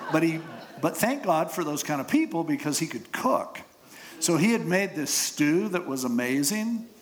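A man's voice: a little high, slight background noise. A man preaching, retelling scripture with casual humor and jokes. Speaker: pastor. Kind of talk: sermon.

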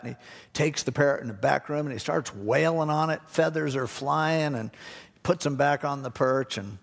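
Gravelly man preaching in a hall. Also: mid-range voice, moderate pace. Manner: conversational storytelling, acts out quotes. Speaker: pastor. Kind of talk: sermon. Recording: long hall reverb.

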